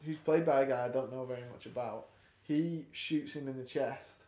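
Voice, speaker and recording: A man's voice: medium pitch, moderate pace, darkish tone. A young man co-hosting a casual film review chat, rambling and hesitant with many ums. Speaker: podcast co-host. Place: home flat. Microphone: camera in a room. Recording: echoey room.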